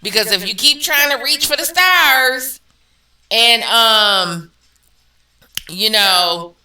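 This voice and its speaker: Bright, blunt woman vlogger with slangy emphatic delivery, recorded off-mic in a roomy space. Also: on the high side, lively intonation, slow pace, pauses often, far from the mic. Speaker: vlogger reacting to viewer comments. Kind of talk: casual commentary. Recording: echoey room, off-mic.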